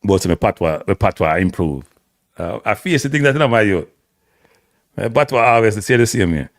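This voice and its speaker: Animated Jamaican man, blunt and lively. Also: fairly low pitch, normal speed, no echo, studio quality. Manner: animated, blunt, mixing patois with standard English. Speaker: host. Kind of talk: casual live-stream commentary.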